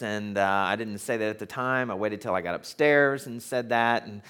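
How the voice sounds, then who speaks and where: A man preaching in a theater, telling a story in a chatty, animated way with many fillers before reading scripture aloud. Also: on the low side, normal speed, clear, resonant tone. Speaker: pastor. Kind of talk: sermon with storytelling.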